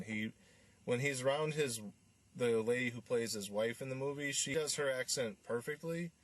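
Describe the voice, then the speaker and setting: A man's voice: on the low side, dry recording. A man hosting a podcast, recapping a film in a casual, rambling way with lots of fillers and restarts. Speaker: podcast host reviewing a film.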